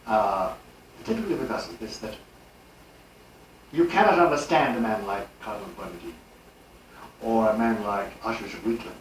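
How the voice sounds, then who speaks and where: A man's voice: lowish voice, slight background noise. Older guy giving a rhetorical talk, far from the mic, super echoey old tape. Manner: animated, rhetorical, chuckling asides. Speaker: speaker. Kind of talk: live religious lecture.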